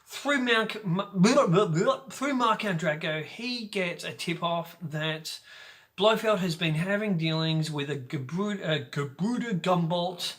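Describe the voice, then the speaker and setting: A man hosting a casual video film review, talking in an energetic, jokey and playful way. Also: high-pitched, unhurried. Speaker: host of a film review channel.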